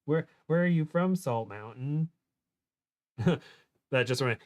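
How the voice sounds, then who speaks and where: A man's voice: mid-range voice, lively intonation, takes it slowly, darkish tone, no room sound. Chatty laughing man, dry sound. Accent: American. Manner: chatty, laughs often, trails off and restarts. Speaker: guest co-host. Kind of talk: casual livestream chat.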